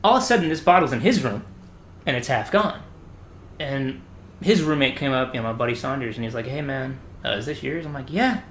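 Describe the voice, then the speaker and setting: A young man on a podcast, telling crude stories in a lively, casual way. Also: medium pitch, brisk. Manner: animated, crude, laughing storyteller. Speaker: podcast guest. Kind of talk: casual storytelling chat. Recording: echoey room, faint background noise.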